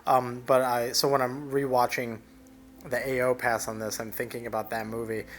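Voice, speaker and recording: A man's voice: medium pitch, little pitch movement, normal speed, a bit bright. A young man casually narrating over his digital painting, rambling loosely with plenty of fillers and restarts.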